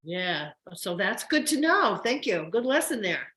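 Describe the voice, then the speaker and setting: Older actress with New Jersey accent, fast and chatty, echoey room, casual interview guest. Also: female voice, mid-range voice, sing-song, fairly bright tone. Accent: New York–New Jersey. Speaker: guest, soap opera actress.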